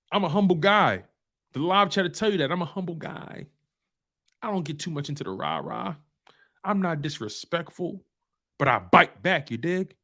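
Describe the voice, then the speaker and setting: A man hosting a live football stream, trash-talking the rival team with emphatic repetition and slang. His voice sits a bit high for a man. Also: fairly bright tone. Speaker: sports show host.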